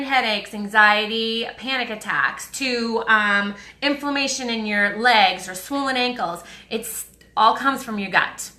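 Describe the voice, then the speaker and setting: A woman with a Boston accent chats upbeat through a live stream, answering viewer comments. Her voice is strikingly bright and somewhat high. The room gives it a noticeable echo, and she fills her pauses with ums. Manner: chatty and upbeat, frequent ums. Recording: roomy echo.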